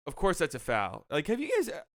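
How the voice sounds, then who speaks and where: A man's voice: fairly high pitch, huge pitch swings, fast talker, no room sound, clean studio sound. A young man hosting a casual basketball talk show, ranting with exasperation and repeating himself. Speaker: sports podcast host.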